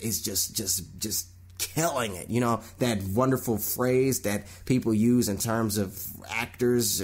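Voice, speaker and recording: A young man hosting a solo radio talk show, giving lively commentary on movie news and slipping into quick impressions of other people. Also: lowish voice. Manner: animated, mimics people in quick put-on voices.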